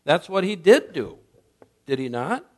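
Male pastor, sermon delivery, emphatic with rhetorical questions and shifts from loud to soft. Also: fairly high pitch, sing-song, unhurried.

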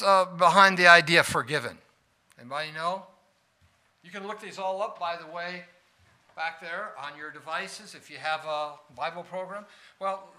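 Male preacher, bright and a bit high, dynamic sermon delivery with questions to the congregation. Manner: swings between loud emphasis and quiet asides, asks the room questions.

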